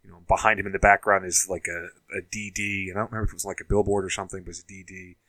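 A man's voice: low-pitched, level tone, very fast, bright, forceful tone, no echo, low-quality recording. A man co-hosting a casual podcast chat about TV shows, rambling with lots of fillers and asides. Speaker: podcast co-host.

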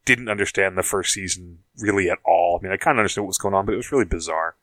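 A man's voice: deep voice, rapid-fire, pushed and bright, no room sound, low-quality recording. A man co-hosting a casual podcast chat about TV shows, rambling with lots of fillers and asides. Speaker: podcast co-host.

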